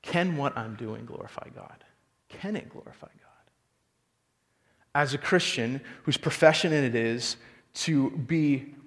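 A man preaching a sermon as a pastor, animated storytelling and rhetorical questions. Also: mid-range voice, big-room sound.

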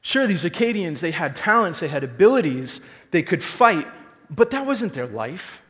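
A man preaching a sermon as a pastor, animated storytelling and rhetorical questions. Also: high voice, normal speed, in a large hall.

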